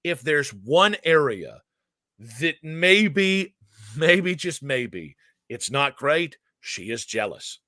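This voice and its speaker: Bright-voiced animated male podcast host. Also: takes it slowly, dry recording, studio quality. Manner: animated storyteller, swings loud and high when excited. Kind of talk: casual chat.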